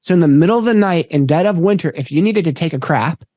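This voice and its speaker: A man's voice: a little high, expressive, quick pace, a little mellow, dry recording. A man hosting a podcast, talking in a reflective, conversational way. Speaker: podcast host. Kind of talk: casual podcast interview.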